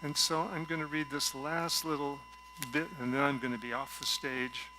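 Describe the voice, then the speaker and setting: A man preaching a gentle, reflective sermon from a stage at a spiritual center, telling a story and often dropping to a soft voice. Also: a little high, little pitch movement, moderate pace, background noise. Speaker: guest speaker at a spiritual center.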